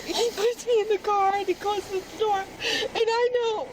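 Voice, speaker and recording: A young woman crying while giving police a rushed, halting account, recorded outdoors on a body camera. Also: extremely high pitch, fairly even intonation. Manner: breathless, halting, rushed retelling. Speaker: crime victim giving a statement. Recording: noisy police bodycam audio.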